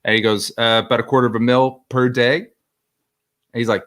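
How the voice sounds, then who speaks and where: A man with an ordinary mid pitch tells a profanity-laced film-set story in casual chat. He acts out the quoted people as he goes, with plenty of ums along the way. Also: level tone, fairly quick, fairly bright tone. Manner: swearing anecdote teller, quotes voices. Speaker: podcast co-host.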